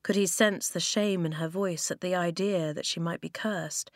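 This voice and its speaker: Woman narrating a storybook, calm and even, dry close sound. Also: fairly low pitch, moderate pace, dry recording. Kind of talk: audiobook narration.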